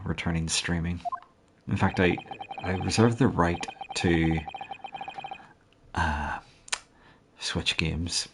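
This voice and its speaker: A man's voice: deep voice, gravelly, a little hiss or hum. A young man streaming a game, chatting in a rambling, self-deprecating way. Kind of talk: casual gaming stream commentary.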